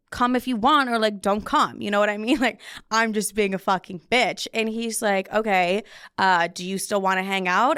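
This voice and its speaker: A woman's voice: medium pitch, a bit bright, smooth. A young woman in her twenties hosting a podcast from a studio, telling a story in a candid, profane, self-mocking way. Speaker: podcast host. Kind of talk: casual storytelling chat. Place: recording studio.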